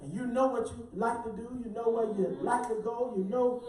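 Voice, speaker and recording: A man's voice: very high-pitched, fairly even intonation, moderate pace, a little mellow. A man, preaching a sermon in a rhythmic, sing-song, call-and-response style. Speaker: pastor. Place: church sanctuary. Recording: echoey church from far off with congregation.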